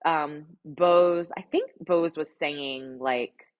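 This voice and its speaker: A woman's voice: deep voice, very slow, dull audio. A young adult woman giving a casual, sassy recap of a reality show with exasperated asides. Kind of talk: casual commentary.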